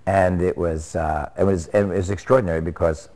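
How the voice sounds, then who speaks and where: Deep-voiced man, halting and searching for words. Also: fairly even intonation, darkish tone. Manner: halting, full of fillers and restarts. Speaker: actor from a classic sitcom. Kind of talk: interview reminiscence.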